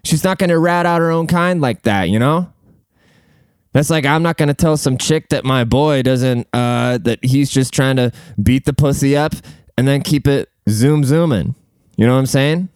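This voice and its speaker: A man's voice: mid-range voice, moderate pace, darkish tone, smooth, no echo, studio quality. A man hosting a casual solo podcast from a room at home, rambling bluntly and swearing freely. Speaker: podcast host.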